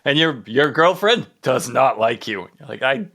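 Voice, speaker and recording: A man's voice: medium pitch, lively intonation, moderate pace, a bit bright. A man playing a tabletop game on a podcast, riffing jokingly on his character's misfortunes. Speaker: player, co-host. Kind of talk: casual podcast chat.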